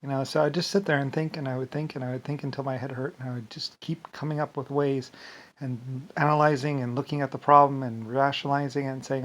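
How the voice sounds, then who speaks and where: A man's voice: medium pitch, flat delivery, quick pace, fairly bright tone. Rambling man, restarting words constantly. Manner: trails off with "anyway, whatever". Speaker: vlogger. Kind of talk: rambling personal monologue.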